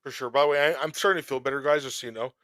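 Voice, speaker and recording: A man hosting a podcast in casual chat, rambling through topics with quick joking asides. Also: medium pitch, steady tone, fairly bright tone, dry recording. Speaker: podcast host.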